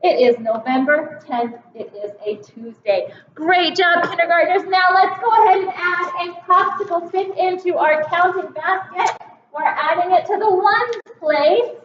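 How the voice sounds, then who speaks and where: A young woman teaching a kindergarten calendar lesson, slow, sing-song and encouraging, stretching out her words. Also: very high voice, roomy sound, muffled recording, a little hiss or hum.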